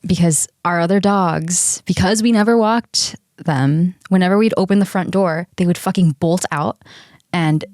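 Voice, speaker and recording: A woman's voice: lowish voice, moderate pace, a little mellow, dry recording, clean studio sound. A young woman hosting a podcast, casually telling a personal story, candid, swearing freely and laughing often. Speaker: podcast host.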